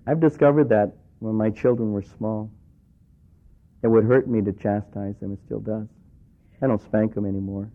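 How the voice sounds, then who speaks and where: A man's voice: lowish voice, steady tone, moderate pace, pauses often. A middle-aged male pastor preaching a sermon in a conversational way, acting out the voices of the people he quotes. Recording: tinny phone-like radio broadcast.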